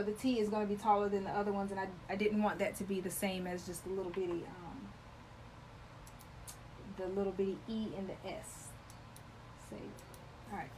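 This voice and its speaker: Demonstrating embroidery on a live stream, this chatty host loves talking with her viewers and greets them by name as she works. Her voice is medium-pitched. The audio is poor, with a bit of background noise.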